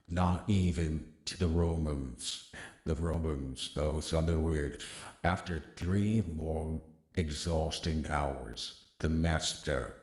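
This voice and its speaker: A man putting on a grand, dramatic football commentator voice through a deep voice changer. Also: a little mellow, reverberant.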